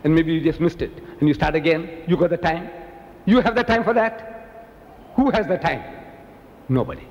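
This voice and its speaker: A man's voice: normal speed, long pauses, in a large hall, highs cut off. A man from South Africa giving a public lecture as a preacher, acting out the voices he quotes with big swings in his delivery. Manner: animated, acts out quoted dialogue with big pitch swings.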